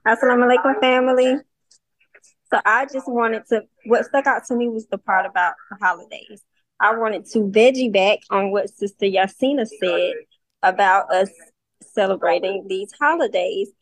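A woman's voice: medium pitch, moderate pace, dry recording, poor audio. A woman calling in to a group call, speaking in an impassioned, emphatic way with rhetorical questions. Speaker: caller, mother of a ten-year-old.

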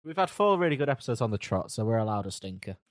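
A man co-hosting a music podcast, relaxed and a bit hesitant in casual chat. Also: fairly low pitch, rapid-fire, dry recording. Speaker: podcast co-host.

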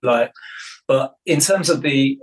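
A film director in casual interview chat, relaxed, with many fillers and restarts. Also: male voice, medium pitch, slow, rough recording.

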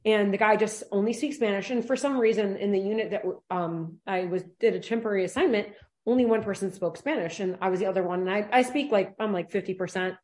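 A woman police officer chatting on a podcast. She talks bluntly and swears freely in loose, animated banter. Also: mid-range voice, fast talker. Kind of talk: casual banter.

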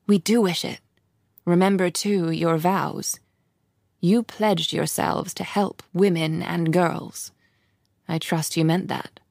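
Brief: commanding older woman read by a female narrator, measured and cold, slightly gravelly. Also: on the low side, fairly even intonation, a little mellow, no echo, clean studio sound, full character voice. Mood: stern. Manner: measured, stern and formal.

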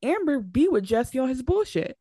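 A woman's voice: high voice, big pitch swings, moderate pace, mellow, no room sound. A young woman co-hosting a podcast in casual chat, talking animatedly and arguing her point with lots of fillers and restarts. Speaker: podcast co-host.

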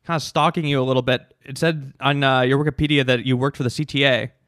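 A man's voice: mid-range voice, fairly even intonation, fast talker, a bit bright, no echo, clean studio sound. A man hosting a podcast, chatting loosely and jumping in with comments and questions. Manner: chatty, interjecting, loose phrasing. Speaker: podcast host. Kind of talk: casual chat.

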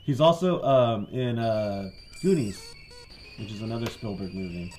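A man's voice: on the low side, moderate pace, darkish tone, soft background music. A man in his thirties co-hosting a podcast, joking and swearing as he gives blunt opinions in casual chat. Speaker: podcast co-host.

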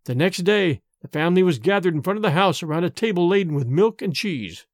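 A man narrating a classic story in an expressive, theatrical reading. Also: high voice, brisk, dry recording, clean studio sound. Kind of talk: audiobook storytelling.

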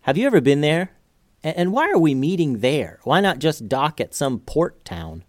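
A man voicing a wary, deadpan young ninja in a storybook. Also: a little high, normal speed, no echo, clean studio sound.

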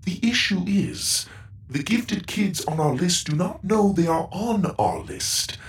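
A man's voice: sits high, lively intonation, takes it slowly, distant mic, pitched above the performer's own voice, exaggerated voice. A man voicing a formal, echoey robot pilot. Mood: cautious. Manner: formal and precise. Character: polite, dry-humored adult male robot pilot. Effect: echoey intercom sound.

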